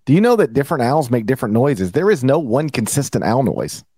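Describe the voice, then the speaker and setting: A middle-aged man co-hosting a sports podcast, talking in a playful, rambling, animated way. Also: medium pitch, fairly quick, husky, dry recording. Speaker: podcast co-host. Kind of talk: casual sports podcast banter.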